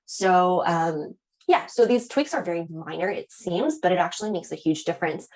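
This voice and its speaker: A woman's voice: on the low side, moderate pace, a little mellow, rough recording. A young woman instructor coaching students on admissions interviews, in a casual style with frequent fillers and tag questions. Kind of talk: teaching admissions interview skills.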